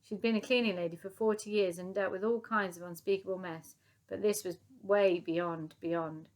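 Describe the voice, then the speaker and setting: A woman narrating a children's novel as an audiobook, telling it in a lively, expressive way. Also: medium pitch, moderate pace.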